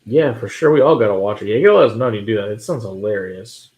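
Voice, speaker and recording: A low-voiced man hosts a late-night whiskey livestream in a loose, chatty way. He answers viewer comments as they come in, laughs easily and keeps returning to how funny things are. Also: expressive, quick pace, dull audio. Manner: chatty, laughs often, amused.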